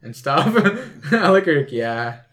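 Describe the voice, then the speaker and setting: A young man hosting a casual podcast chat, his voice sitting a bit high. He rambles and restarts often, filling his talk with little fillers. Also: big pitch swings, slow, fairly bright tone. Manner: rambling, lots of "like" and restarts, laughs easily. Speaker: podcast host.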